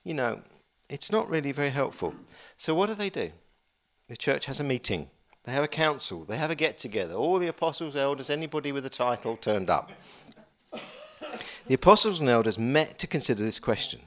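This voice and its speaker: A male pastor preaching a sermon in an animated, chatty way, with asides and dramatic emphasis. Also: mid-range voice, a little fast.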